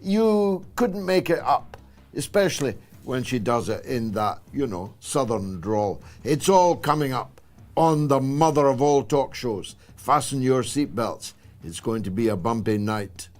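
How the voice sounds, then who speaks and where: A Scottish man in his sixties hosting a political talk show, delivering a sarcastic, emphatic monologue with dramatic pauses. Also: medium pitch, animated, darkish tone. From Scotland. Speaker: host.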